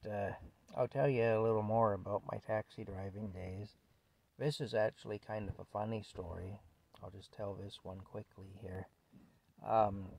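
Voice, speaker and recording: Slow gravelly man telling stories. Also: lowish voice, dark tone. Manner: rambling, with fillers and chuckles. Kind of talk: casual storytelling.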